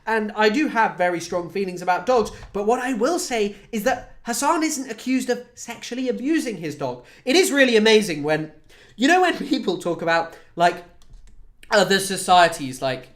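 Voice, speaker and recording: A woman's voice: medium pitch, animated, normal speed. A woman from the UK chatting casually on a livestream, rambling, swearing and often restarting her sentences. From United Kingdom. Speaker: streamer.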